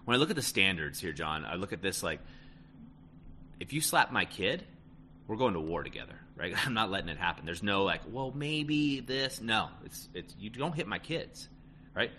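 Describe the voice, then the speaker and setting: Low-pitched but with big pitch swings, a man speaks a little fast in a bright, forceful tone, coaching listeners on relationships. The talk is casual and emphatic, full of "right?" and repeated "end of story," with a little hiss or hum.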